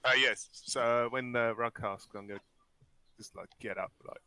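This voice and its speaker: A man's voice: medium pitch, steady tone, moderate pace, pushed and bright, clear, resonant tone, no room sound. A man speaking as a player in a tabletop game, grumbling in a mock-angry way. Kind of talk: casual tabletop play.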